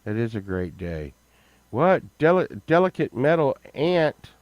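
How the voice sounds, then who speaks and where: An older man doing casual reaction commentary, loudly exclaiming and swearing, then dropping to mutters. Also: mid-range voice, sing-song, unhurried, dry recording, dull audio. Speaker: host.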